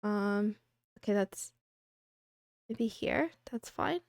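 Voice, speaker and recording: A young woman hosting a casual livestream, chatting and answering viewer questions in a soft, rambling, self-deprecating way. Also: on the high side, expressive, measured pace, dry recording, clean studio sound.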